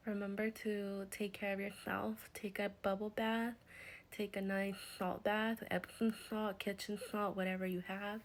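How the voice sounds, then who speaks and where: A woman in a whispered guided healing session, speaking in a soft, soothing whisper with gentle reassurance. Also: mid-range voice, level tone, unhurried, rough recording. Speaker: reiki healer.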